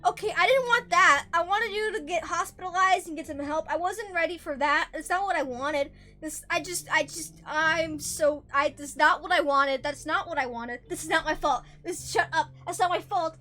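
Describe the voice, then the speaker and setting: High, bright panicky streamer woman. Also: normal speed, few pauses. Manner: panicked, exclaiming, repeats herself. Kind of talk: let's play commentary.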